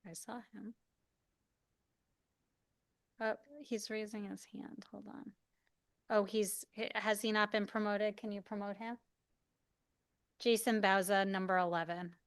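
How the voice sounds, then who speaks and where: Smooth-voiced woman chairing a hearing. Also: mid-range voice, little pitch movement, unhurried, pauses often, no room sound, clean studio sound. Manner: courteous, procedural. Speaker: committee chair.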